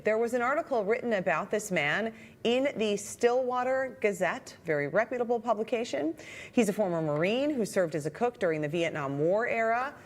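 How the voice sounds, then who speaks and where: A woman co-hosting a television talk show, chatting casually in the studio in an upbeat, emphatic way. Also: medium pitch. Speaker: TV show co-host.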